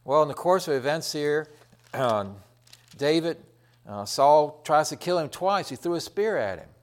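A middle-aged man delivers a sermon, retelling scripture in a plain, folksy way. He rambles, doubles back on his words and fills pauses with "uh" and "um". His voice sits at an ordinary pitch for a man. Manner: folksy, rambling retelling with many fillers and restarts. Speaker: preacher.

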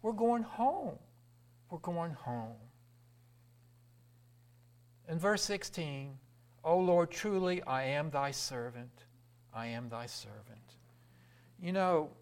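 A middle-aged man, preaching a sermon, swinging from raised, fervent lines to hushed whispers. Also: mid-range voice.

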